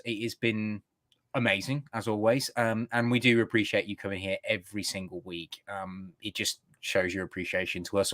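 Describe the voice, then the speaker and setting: A man's voice: on the low side, no echo, clean studio sound. A man hosting a casual comics podcast over a video call, friendly in his sign-off patter. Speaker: podcast host. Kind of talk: casual chat.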